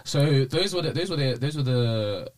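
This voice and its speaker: A man's voice: mid-range voice, lively intonation, normal speed. A man hosting a podcast in casual chat, restarting his sentences as he searches for words. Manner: chatty, repeats words while searching for phrasing. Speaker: podcast host.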